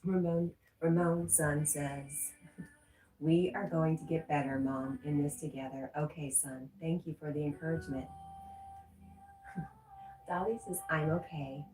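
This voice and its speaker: Low-voiced woman chatting on a livestream. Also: steady tone, unhurried, darkish tone, echoey room, rough recording. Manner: reads chat messages aloud and chats back, laughing often. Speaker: livestream host reading chat. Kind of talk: casual livestream chat.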